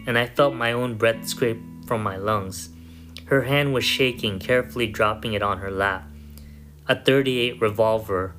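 A man narrating a first-person story in a measured, somber way. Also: fairly low pitch. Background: soft guitar music.

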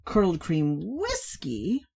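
A woman's voice: lowish voice, huge pitch swings, takes it slowly, creaky, husky, voice pushed up, exaggerated voice. A woman reading a story, voicing a brash, drunken young woman who slurs and hollers. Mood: drunken rant. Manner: slurring, loud, hollering.

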